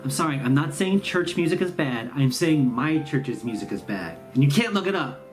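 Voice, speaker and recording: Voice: medium pitch, animated, normal speed, faint music behind. A host, telling a sarcastic, rambling comic story about the holidays. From Midwestern US. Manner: sarcastic, rambling, self-mocking. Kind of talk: comedic storytelling monologue.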